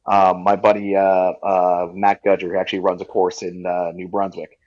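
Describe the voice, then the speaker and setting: A man in his forties from Nova Scotia, talking easygoing and a bit halting as a podcast guest. His voice is fairly low, and the sound comes through dull and lo-fi, like a remote call, with no room echo. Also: monotone, darkish tone. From Nova Scotia, Canada. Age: 40s. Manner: easygoing, halting, many fillers and restarts. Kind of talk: casual interview.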